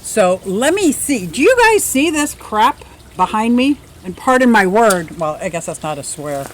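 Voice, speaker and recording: A bubbly woman in her fifties hosts a casual livestream from her yard, greeting viewers by name. Her pitch sits mid-range and a faint hiss of outdoor noise stays behind her. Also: sing-song, a little slow. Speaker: livestream host.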